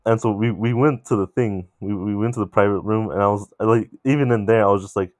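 A young man casually telling a long, animated story among friends, swearing freely. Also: on the low side, a little fast, no echo.

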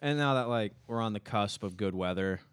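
A man in his twenties co-hosting a podcast, chatting casually and haltingly with lots of fillers and swearing. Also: on the low side, smooth. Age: 20s. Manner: laid-back, halting with many fillers and swearing. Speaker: podcast co-host. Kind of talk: casual chat.

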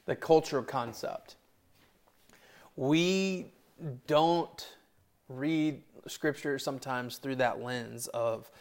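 A middle-aged man preaching a sermon in a loose, conversational way with rambling asides. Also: medium pitch. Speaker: pastor.

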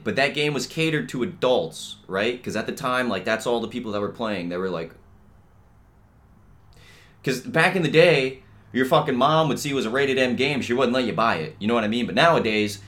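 A man's voice: mid-range voice, fairly bright tone. A young man hosting a podcast, ranting bluntly and swearing constantly, with lots of filler and "you know what I mean.". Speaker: podcast host. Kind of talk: casual rant.

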